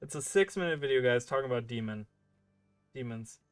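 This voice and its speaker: A man's voice: mid-range voice, lively intonation, a little fast, clear, resonant tone, dry recording, faint music behind. A man streaming a game and chatting casually, rambling with many fillers and restarts. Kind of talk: casual livestream chat while gaming.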